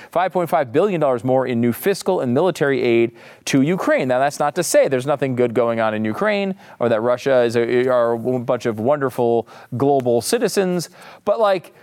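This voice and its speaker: A man's voice: mid-range voice, darkish tone. A man hosting a political talk podcast, delivering sarcastic commentary with frequent asides. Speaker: podcast host.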